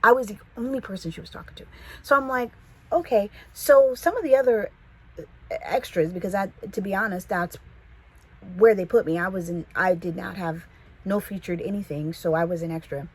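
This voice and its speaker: A woman from the San Fernando Valley with a Californian accent, telling a casual storytime vlog in a chatty, animated way. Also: medium pitch, normal speed, breathy edge, poor audio. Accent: Californian English. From Los Angeles, the Valley. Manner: chatty, animated, quotes people in voices.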